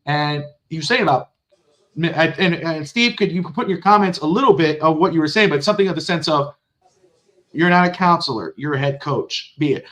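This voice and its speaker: A man co-hosting a casual sports podcast, animated and cursing, acting out quotes. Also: a little fast. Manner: animated, swears, acts out quotes in a high excited voice. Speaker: podcast co-host.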